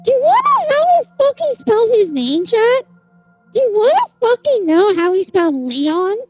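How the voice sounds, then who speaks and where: High, lively streamer ranting with swears. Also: moderate pace, soft background music, poor audio. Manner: animated storytelling, heavy swearing, exasperated rants. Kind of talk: casual chat with viewers.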